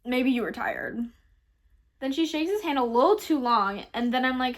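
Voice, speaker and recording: A woman's voice: sits high, moderate pace. Giggly young woman reading confessions. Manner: giggly, animated, swears. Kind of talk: casual chat.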